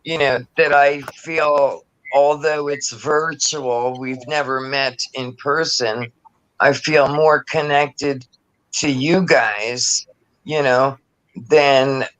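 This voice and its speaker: A man's voice: mid-range voice, fairly bright tone, low-quality recording. A man chatting earnestly on a group video call, rambling with lots of fillers. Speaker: regular in a group live chat. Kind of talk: casual chat.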